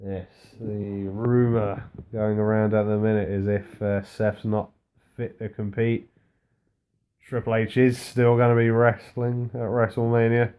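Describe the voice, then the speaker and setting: A man talks wrestling in a slow, unhurried drawl. His voice sits on the low side, and his tone stays laid-back and dry as he rambles through the recap with his co-host. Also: level tone, dark tone, clear, resonant tone. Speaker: podcast co-host. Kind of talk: casual wrestling recap chat.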